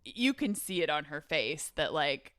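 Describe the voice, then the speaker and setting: Lowish smooth-voiced woman chatting on a podcast, dry close sound. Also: sing-song, a little slow, fairly bright tone, dry recording. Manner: chatty, lots of "like" fillers. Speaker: podcast co-host. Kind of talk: casual chat.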